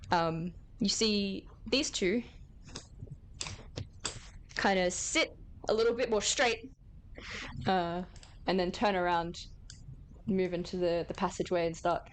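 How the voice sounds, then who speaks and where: A woman running a tabletop game, narrating in a relaxed, chatty way and laughing often. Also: fairly low pitch, a little slow, slight background noise. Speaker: game master.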